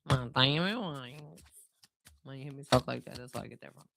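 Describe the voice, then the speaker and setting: A tarot reader with a New Orleans accent, talking casually and directly to the viewer with relaxed, drawn-out phrasing. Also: medium pitch, vocal fry, heavy background noise. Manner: reassuring, speaks straight to the viewer. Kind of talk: casual spiritual card reading.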